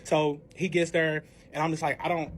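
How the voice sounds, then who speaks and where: A man's voice: a little high, level tone, normal speed, slight background noise. A man telling a personal story in a casual storytime, swearing freely, packing in filler words and acting out both sides of the dialogue. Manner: profane, with heavy filler words.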